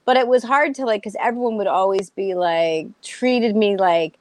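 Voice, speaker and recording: A woman's voice: medium pitch, moderate pace, hardly any pauses, no echo. A young woman comedian with a Boston-area accent, chatting in an interview and telling sarcastic stories, acting out the voices of the people in them. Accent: Boston-area American. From Massachusetts, USA. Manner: animated storyteller, acts out voices, sarcastic. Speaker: comedian guest. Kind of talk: casual interview chat.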